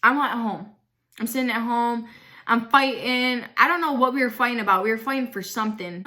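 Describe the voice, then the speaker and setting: Blunt, bright-voiced young woman. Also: a little high. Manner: fills speech with "like", swears freely; blunt and outspoken. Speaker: vlogger. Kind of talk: casual storytime.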